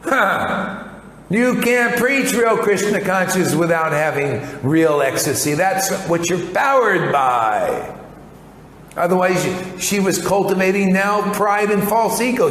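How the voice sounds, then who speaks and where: A man's voice: high-pitched, unhurried, a bit bright. A man in his later years giving a rambling, blunt devotional sermon and saying "man" often. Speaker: spiritual teacher. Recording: echoey hall with faint noise.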